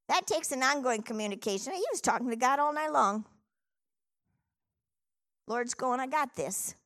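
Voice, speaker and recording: Animated high-voiced woman preaching. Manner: animated storytelling, reads scripture aloud. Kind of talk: sermon.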